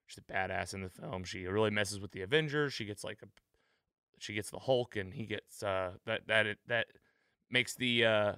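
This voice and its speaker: A man's voice: on the low side, sharp tone, smooth, no echo, clean studio sound. A man hosting a podcast, talking casually and rambling a bit, with frequent fillers and restarts. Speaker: podcast host.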